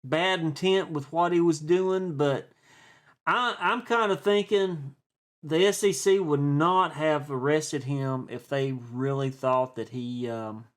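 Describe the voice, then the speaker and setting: Man, East Tennessee accent, folksy, rambling, chatty vlog talk, somewhat high voice. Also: slow. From East Tennessee, USA. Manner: chatty, rambling, folksy, with frequent fillers and restarts. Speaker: stock and crypto video host. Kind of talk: casual rambling vlog monologue.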